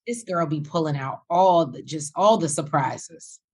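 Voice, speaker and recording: A woman's voice: sits low, a little slow, husky. A woman co-hosting a casual reality TV recap, telling the story with acted-out quotes and plenty of swearing. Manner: animated storytelling, acts out quotes, swears freely. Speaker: podcast co-host.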